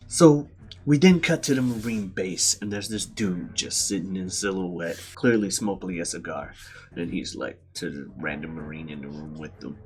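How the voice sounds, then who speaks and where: A man's voice: deep voice, moderate pace, faint music behind. A man recapping a story casually, with lots of swearing and laughter. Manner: profane, laughing, animated. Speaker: series host.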